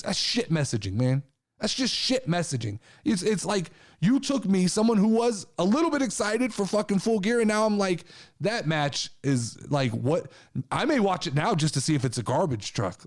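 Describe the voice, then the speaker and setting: Podcast host, male, high voice, angry profane rant, hammering rhetorical questions. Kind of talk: opinion rant.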